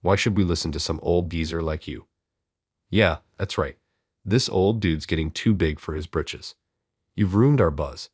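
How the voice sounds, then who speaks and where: Brief: low, husky young thugs, jeering, read by a man narrator. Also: normal speed, a little mellow, dry recording, studio quality. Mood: taunting. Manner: taunting, insulting. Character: three rude young male thugs.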